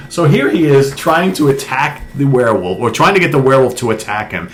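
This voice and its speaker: A man co-hosting a casual comic book talk show, retelling a story with animated asides. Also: mid-range voice, fairly quick, hardly any pauses. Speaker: podcast co-host. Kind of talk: casual chat reviewing a comic. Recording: echoey room, faint noise.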